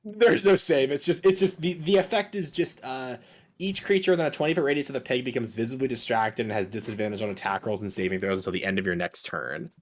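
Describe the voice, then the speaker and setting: A man narrating an online tabletop game as game master, halting, with many fillers and restarts. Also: medium pitch.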